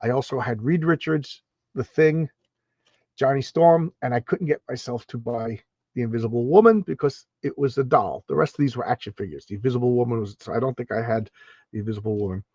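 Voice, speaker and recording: A man's voice: mid-range voice, brisk, darkish tone, breathy edge, no echo, muffled recording. A man casually reading through an old comic and commenting on it, rambling with restarts and asides. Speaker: comic book reviewer.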